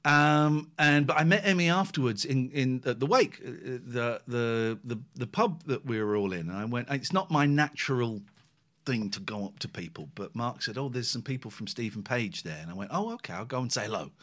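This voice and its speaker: A man, co-hosting a casual podcast chat and telling an emotional personal story in an animated way. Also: medium pitch, normal speed. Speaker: podcast co-host.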